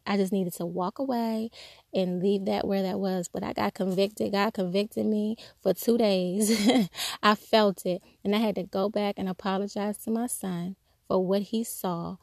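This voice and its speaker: A woman's voice: medium pitch, gravelly, darkish tone, no room sound, studio quality. A woman giving a conversational devotional talk, telling personal stories candidly and acting out the voices of people she quotes. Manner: acts out quoted speech. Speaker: Christian speaker.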